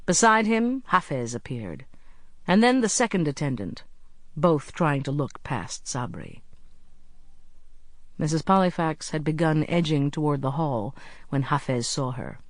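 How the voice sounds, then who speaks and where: A measured audiobook narrator reading a suspense scene at a mid pitch. The reading slows at the tense moments. The sound is dry and close to the mic. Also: lively intonation, dry recording. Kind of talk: scripted narration.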